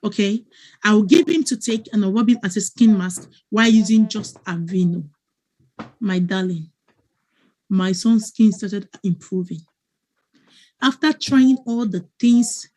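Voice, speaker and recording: A woman's voice: mid-range voice, dark tone. A woman, a wellness coach giving an earnest, emotional testimonial on a video call and often checking that listeners follow.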